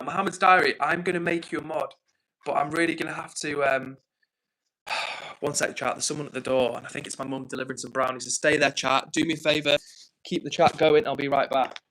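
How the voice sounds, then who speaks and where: An English man hosting a livestream from home, chatting casually and reading out comments in an excitable, quick way. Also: fairly high pitch, poor audio. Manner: excitable, fast-talking. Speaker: livestream host.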